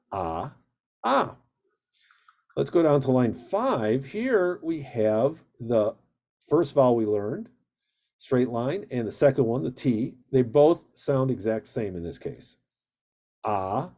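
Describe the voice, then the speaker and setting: Over a video call, a rabbi leads Hebrew reading drills, drawing out each vowel sound. His male voice sits at a medium pitch, and his manner is calm and patient throughout.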